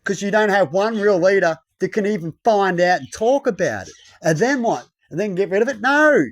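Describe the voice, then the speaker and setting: A man in a casual rambling rant. He swears often and acts out the voices he quotes, often loudly. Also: high voice, lively intonation, brisk.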